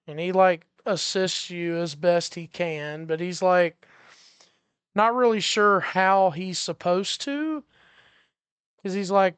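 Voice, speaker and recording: A game master narrating a sci-fi tabletop session slowly and easily, taking time over each scene. The voice is very smooth and clear. The sound is close and dry. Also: medium pitch, no room sound. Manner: relaxed, laughing, explains freely.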